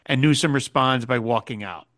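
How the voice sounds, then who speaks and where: Here a man's mid-range voice moves at a moderate pace as he co-hosts a podcast. He recaps a TV episode in a relaxed, lively way, slipping into character for each quoted scene, and the dry recording has studio quality.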